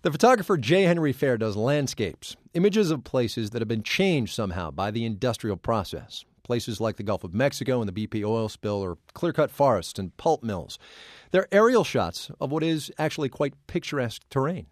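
A man's voice: mid-range voice, animated, normal speed, dry recording. A man with a mid-range voice hosts a radio business program from a dry studio microphone. His intros are polished, and his questions come out curious, with small restarts. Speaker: radio show host. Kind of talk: radio interview and scripted intros.

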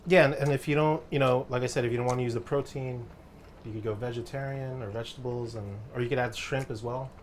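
Halting male chef over kitchen clatter. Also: mid-range voice, steady tone. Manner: halting, repeats words, frequent "uh". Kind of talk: casual cooking chat. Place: kitchen indoors. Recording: clear kitchen clatter noise.

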